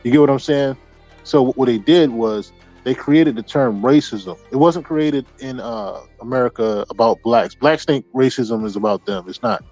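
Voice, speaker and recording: A man's voice: medium pitch, moderate pace, darkish tone, dry recording, faint music behind. A man talking casually as podcast host, rambling with lots of restarts and fillers. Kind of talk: casual chat. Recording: dull lo-fi audio.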